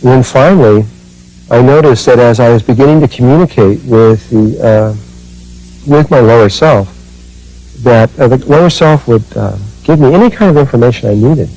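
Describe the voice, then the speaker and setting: Man, mid-pitched and mellow, halting spiritual talk full of pauses and fillers. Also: poor audio. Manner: slow, halting, with many fillers and restarts. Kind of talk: spiritual talk, personal recollection.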